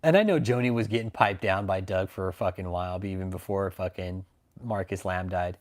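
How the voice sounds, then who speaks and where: A man's voice: deep voice, brisk. A man from Texas, hosting a casual livestream chat, swearing constantly, mocking and laughing often. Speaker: livestream host.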